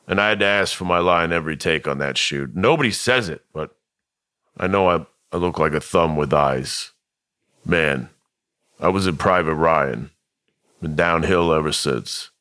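A man's voice: rumbling low, moderate pace, pushed and bright, no room sound, studio quality. A man voicing a gloomy, self-pitying washed-up action actor who runs himself down. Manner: mopey, self-deprecating.

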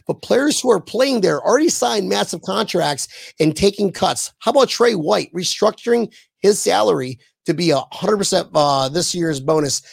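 A man co-hosting a casual sports podcast, rambling and excitable, swearing now and then. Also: high-pitched, vocal fry, slightly rough, dry recording. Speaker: podcast co-host.

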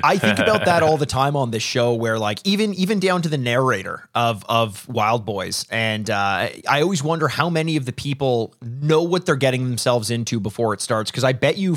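A man co-hosts a podcast in easy, casual chat. He teases his co-hosts, then drifts into thoughtful asides about the show. His voice sits at an ordinary mid pitch. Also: brisk, hardly any pauses, a bit bright. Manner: playful, teasing, thoughtful asides. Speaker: podcast co-host.

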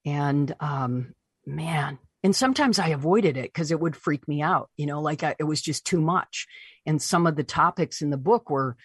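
Interview guest: woman, low husky voice, animated storyteller, dry close sound. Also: normal speed, dry recording. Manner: animated, voices her own past reactions. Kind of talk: personal storytelling.

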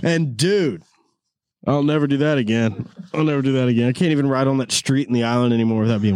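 Talking quickly in a mid-range voice with a darkish tone, a podcast host rambles through casual stories, cursing freely, laughing often, and calling folks "dude." The recording is dry, made in a studio room on a corded studio mic.

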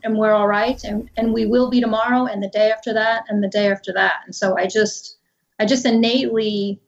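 A woman with a fairly high voice speaks on a leadership panel. She sounds upbeat and optimistic, pausing on fillers as she thinks. The recording is dull and lo-fi. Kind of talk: conversational panel discussion. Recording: dull lo-fi audio.

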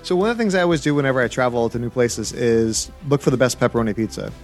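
A man's voice: medium pitch, very fast, faint music behind. A man hosting a casual interview, upbeat and easygoing, asking questions and making light jokes. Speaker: interviewer host.

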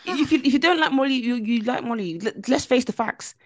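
A woman co-hosting a podcast, chatting casually and telling stories with animated, emphatic repetition. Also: high-pitched, fairly quick, no room sound, clean studio sound. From Nigeria. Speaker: podcast co-host. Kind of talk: casual chat.

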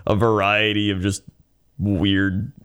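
A man chatting casually, relaxed and laughing as he talks. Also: on the low side, takes it slowly, clear, resonant tone. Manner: relaxed, laughs while talking. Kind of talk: casual chat.

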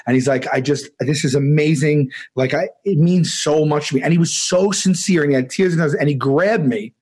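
A man in his forties, a podcast guest, telling a story in a rambling, animated way, with many restarts and laughs. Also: a little high, fairly quick. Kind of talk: casual storytelling.

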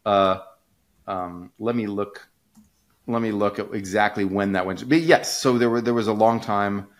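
A man's voice: lowish voice, unhurried. A man co-hosting a casual podcast, explaining ideas in a rambling way with many fillers and restarts. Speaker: podcast co-host, economist.

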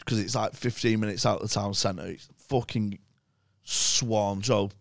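A man's voice: lowish voice, fairly even intonation, a little slow, vocal fry, dry recording, studio quality. A man telling sweary, rambling anecdotes in casual podcast chat.

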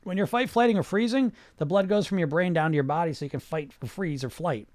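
Male coach, a bit high, rambling and animated, live-chat host who turns to calm relaxation cues, dry close sound. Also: fairly quick, dry recording. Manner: rambling, animated, with frequent restarts and "right?". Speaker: weight-loss coach and podcast host.

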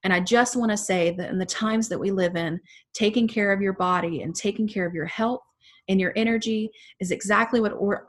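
A woman with a Southern US accent giving a gentle class talk as an herbalist, soft-spoken with frequent fillers. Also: mid-range voice. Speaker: herbalist teacher.

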